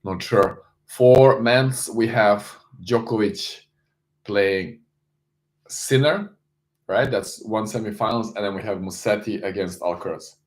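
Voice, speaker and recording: A man with a somewhat low voice hosts a casual live stream. He greets viewers and answers the chat in a loose, chatty way. His sentences often stop and start again. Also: slow pace. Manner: loose and searching, with frequent restarts.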